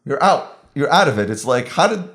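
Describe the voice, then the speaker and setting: A man's voice: mid-range voice, fairly quick. A man on a podcast telling rambling stories in casual chat, swearing and laughing as he goes. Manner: animated, swearing, laughing storyteller. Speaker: podcast co-host.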